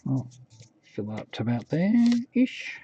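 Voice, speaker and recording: A man's voice: a little high, sing-song, slow pace, noisy background. A man streaming as he paints miniatures, chatting casually, muttering to himself and humming idly between remarks. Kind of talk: casual live-stream commentary while working. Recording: dull lo-fi stream audio.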